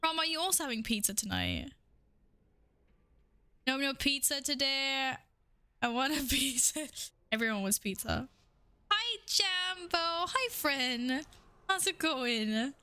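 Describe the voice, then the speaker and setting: A woman's voice: sits high, very animated, takes it slowly, pauses often, sharp tone, no echo. A young woman streaming a game, chatting casually with her viewers, playful, swearing freely and laughing often. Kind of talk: casual live-stream chat.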